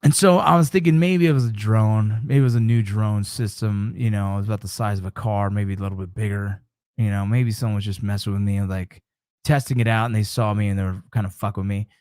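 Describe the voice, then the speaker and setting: A middle-aged man hosting his show, telling a story in a casual, animated way, swearing often and acting out his own reactions. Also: lowish voice, fast, no echo, studio quality. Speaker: show host.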